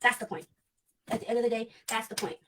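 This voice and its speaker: A woman ranting on a livestream, talking quickly and bluntly, with heavy swearing and lots of repetition. Her voice sits a little high, and a faint hiss runs under the recording. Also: flat delivery. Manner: blunt, heated, swears a lot, repeats herself. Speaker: vlogger. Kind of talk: clipped livestream rant.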